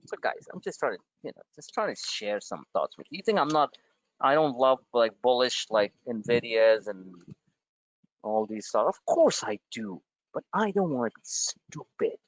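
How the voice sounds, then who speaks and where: A man's voice: medium pitch, very animated, moderate pace, no echo, poor audio. A man hosting a trading webinar, blunt and emphatic, firing off rhetorical questions at his listeners.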